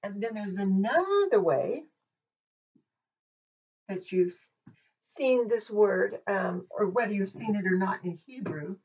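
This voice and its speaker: Breathy woman teaching Hebrew letters. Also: medium pitch, animated, takes it slowly, long pauses, a little mellow. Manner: thinking aloud, hedging and self-correcting. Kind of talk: informal language lesson. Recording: dull lo-fi mic from a distance.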